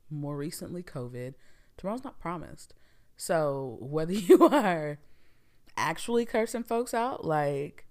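A woman's voice: deep voice, a little mellow. A woman in her thirties hosting a casual solo podcast, talking candidly and rambling with frequent fillers. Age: 30s. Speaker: podcast host.

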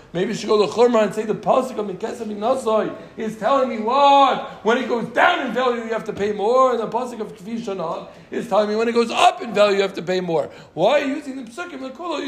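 A man with a high voice leads a relaxed Talmud class, going over each point twice and teasing his students along the way. The room around him is echoey. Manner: repeats phrases, joking asides to students. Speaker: Talmud teacher. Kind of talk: casual Gemara class teaching.

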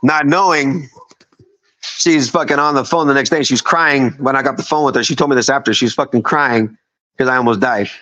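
A man's voice: mid-range voice, normal speed, pushed and bright, slight background noise. A man of fifty telling a story on a podcast, rambling and swearing as he talks. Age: 50s. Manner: profane, rambling, emphatic. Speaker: podcast guest. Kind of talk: casual storytelling. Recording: dull lo-fi sound.

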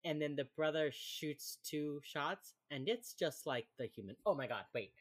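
A woman's voice: sits low, unhurried. A woman co-hosting a casual podcast, recapping a TV episode and acting out characters' lines. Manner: animated, acts out quotes. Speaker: podcast co-host.

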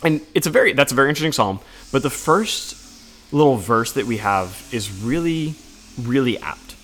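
A man co-hosting a podcast, talking through scripture readings in an earnest, conversational way, with animated retellings. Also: mid-range voice, normal speed, a little hiss or hum. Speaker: podcast co-host. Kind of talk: casual chat about scripture readings.

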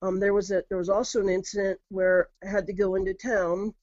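A woman's voice: mid-range voice, level tone, a little fast, a little mellow, dry recording. Earnest woman telling a spooky story. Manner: earnest, repeats words, acts out her own reactions. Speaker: guest telling her own encounters. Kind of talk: casual storytelling interview. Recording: dull lo-fi audio.

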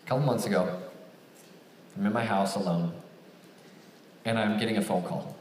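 A young man giving a storytelling sermon to a live audience, acting out a phone call with animated raised voices. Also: on the low side, moderate pace, a little hiss or hum. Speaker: campus ministry speaker. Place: large hall with an audience. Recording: echoey hall, picked up from a distance.

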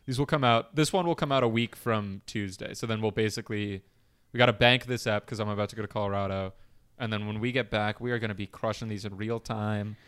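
A man's voice: on the low side, fairly even intonation, fast, fairly bright tone, smooth. A man co-hosting a podcast in casual chat, rambling and self-deprecating with a joking tone. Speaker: podcast co-host.

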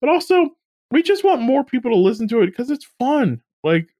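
A man's voice: very high-pitched, sing-song, brisk, warm tone, no room sound. A man co-hosting a podcast, chatting casually, laughing often and earnestly asking listeners to share the show. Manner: laughs a lot, earnest asides. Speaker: podcast co-host. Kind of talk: casual chat.

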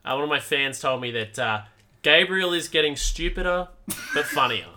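A man's voice: a little high, expressive, moderate pace, noisy background. A young man co-hosting a casual podcast with friends, teasing and interrupting them and swearing freely. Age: young adult. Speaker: podcast co-host and editor. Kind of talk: casual banter among friends.

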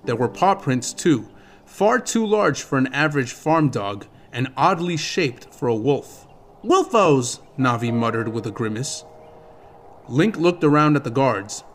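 A man reading a fantasy novel aloud as an audiobook narrator, in a steady, measured storytelling manner. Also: medium pitch, slight background noise. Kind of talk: scripted narration.

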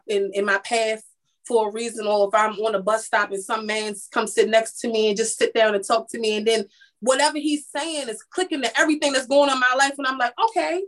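A woman who works as a makeup artist, telling her story in a casual interview, rambling and acting out what people said. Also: fairly high pitch. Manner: rambling, restarts, acts out quoted dialogue. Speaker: guest, makeup artist and lash business owner.

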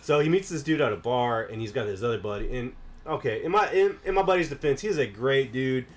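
A man's voice: mid-range voice, expressive, fairly quick. A young man hosting a podcast, telling rambling stories in casual, profane chat. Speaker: podcast host.

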